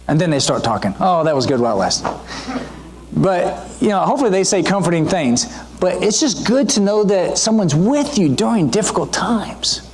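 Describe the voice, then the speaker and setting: A man preaching a sermon in a conversational, animated way, often checking in with his listeners. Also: high-pitched. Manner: conversational, asks the audience questions; animated teaching delivery with frequent asides.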